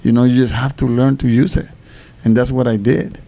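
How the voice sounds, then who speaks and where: At a live Q&A, a man from Panama answers fan questions haltingly, repeating words and laughing between answers. His voice is medium-pitched, gravelly and dark, with a steady tone.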